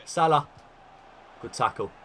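A young man commentating his own football video game career with lively, animated energy and sudden shouts. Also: medium pitch, a little slow. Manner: animated, shouts at big chances. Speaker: gaming YouTuber. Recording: faint guitar music behind.

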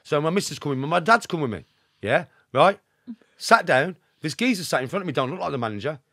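Middle-aged Birmingham man, podcast guest: rapid, animated storyteller with a lively pitch, emphatic and chatty. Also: husky, no room sound, studio quality. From Birmingham, England. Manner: animated, emphatic, rapid anecdotes with constant check-ins. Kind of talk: casual storytelling.

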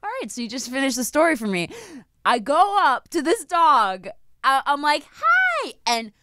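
Lively laughing young woman podcast host. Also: high voice, moderate pace, no room sound, clean studio sound. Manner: laughing, swearing, animated storytelling. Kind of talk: casual podcast chat. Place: podcast studio.

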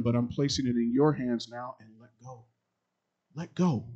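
A middle-aged man, a pastor, preaching a sermon that repeats its phrases and swings between loud and quiet passages. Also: on the high side, dull audio.

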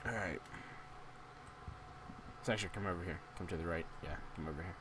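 A young man co-hosting a casual let's-play, excitable and laughing with loud bursts. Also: deep voice, moderate pace, noisy background. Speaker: gaming channel co-host. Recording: game music behind.

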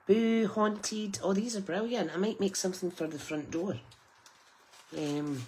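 A woman's voice: mid-range voice, steady tone, a little slow, darkish tone, rough recording. A middle-aged woman, chatting casually and exclaiming with delight as she unboxes craft gifts. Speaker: craft channel host.

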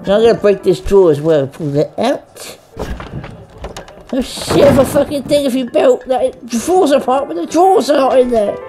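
A woman talks through a game in a high, gravelly voice that swings up and down constantly. She curses freely and taunts the characters, speaking as the goose itself. Faint game music plays underneath. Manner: foul-mouthed, taunting, role-playing as the goose in first person. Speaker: gamer. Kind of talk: let's play commentary.

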